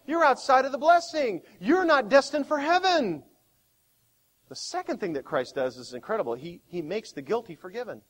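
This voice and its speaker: A man preaching a sermon as pastor, with dramatic swings between quiet and loud. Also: very high voice, animated, moderate pace. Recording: long hall reverb.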